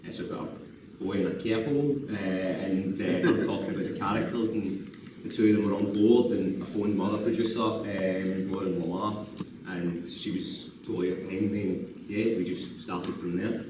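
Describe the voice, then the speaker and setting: A Scottish film director talking at a live Q&A after a screening, rambling and laughing often. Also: male voice, sits low, fairly even intonation, moderate pace. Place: cinema auditorium. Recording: echoey hall from far off, noisy.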